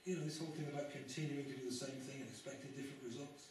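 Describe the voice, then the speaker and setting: Male preacher, mid-pitched, conversational sermon with wry asides, recorded from a distance in a booming church. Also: steady tone, rapid-fire, darkish tone, slight background noise. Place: church sanctuary. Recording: very echoey church, mic far off.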